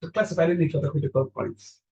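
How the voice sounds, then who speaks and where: A man teaching a calculus class, encouraging his students and repeating key steps slowly so they follow. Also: a little high, steady tone, a little mellow, lo-fi sound. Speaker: calculus lecturer. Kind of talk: online math lecture.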